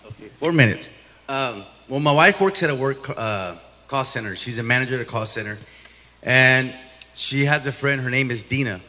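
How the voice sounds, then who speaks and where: A man giving a halting, rambling testimony in church that grows fervent as he tells it. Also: medium pitch, pushed and bright, big-room sound. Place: church sanctuary.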